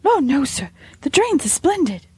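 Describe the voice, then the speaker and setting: Woman doing a high-pitched nervous maidservant girl. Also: sing-song, a little mellow. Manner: high, hurried, stammering. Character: young nervous maidservant girl, timid and evasive.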